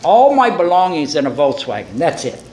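Older male speaker, high voice, lively storyteller doing voices, roomy hall echo. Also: normal speed, a little hiss or hum. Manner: animated storyteller acting out voices, chuckling. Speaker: recovery meeting speaker. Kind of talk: personal recovery story.

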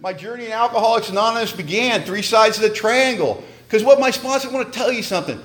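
A man sharing his story at a recovery meeting, animated and joking in a wry way. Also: high-pitched, fast.

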